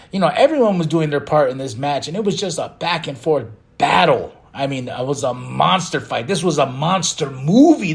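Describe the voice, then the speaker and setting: Guy doing a wrestling recap, kinda high voice, jumps all over in pitch, opinionated. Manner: animated, opinionated, acts out quotes. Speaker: podcast host.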